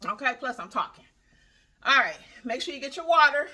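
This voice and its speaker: A woman leading a home workout, winded from exercising, counting reps out loud and cheering viewers on in an upbeat, chatty way. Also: sits high, sing-song, brisk, far from the mic. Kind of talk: guided workout instruction. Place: small room at home.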